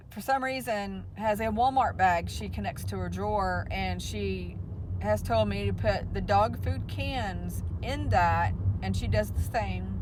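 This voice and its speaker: A woman's voice: mid-range voice, background noise. A woman telling a personal story in a candid, emotional vlog, talking from inside a car. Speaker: vlogger.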